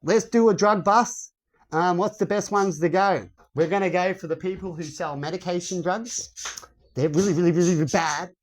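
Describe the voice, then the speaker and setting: A man putting on a brash crooked male cop who mocks and swears while planning a drug bust, his pitch raised above his usual voice. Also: moderate pace. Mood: mocking. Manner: mocking, swearing, sarcastic.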